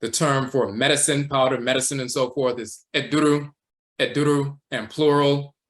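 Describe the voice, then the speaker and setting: A man teaching a livestream lecture, walking slowly through words and terms, repeating them and often tacking on "and so forth.". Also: mid-range voice, fairly even intonation. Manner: measured, repeats terms and says "and so forth" a lot. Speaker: teacher of a spiritual tradition.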